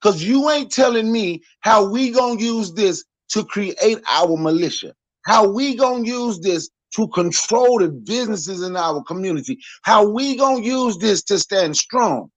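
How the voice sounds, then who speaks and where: A man's voice: high voice, no room sound. A man in his forties speaking as a podcast panelist in a blunt, profane, heated rant.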